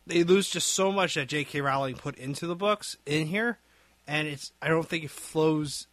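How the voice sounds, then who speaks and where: Brief: male co-host, bright slightly high voice, dry close sound, joking and halting. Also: dry recording. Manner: quick, joking, hesitant with fillers. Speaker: podcast co-host. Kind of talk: casual podcast chat.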